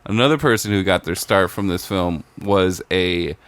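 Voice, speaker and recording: Easygoing lower-voiced podcast guy. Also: normal speed, fairly bright tone, smooth, no echo. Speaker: podcast co-host. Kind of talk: casual chat.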